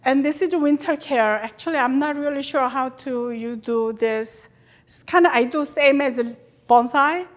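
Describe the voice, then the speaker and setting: A high-voiced Korean woman lectures a club audience in a chatty, animated way. Her English has a Korean accent and loose, non-native grammar. She sounds warm and talkative while she walks through her slides. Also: moderate pace. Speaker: guest lecturer.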